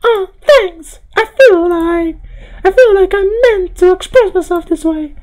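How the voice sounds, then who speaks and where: A man voicing a cheerful, excitable teenage schoolgirl in a high falsetto while reading a visual novel aloud. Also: unhurried.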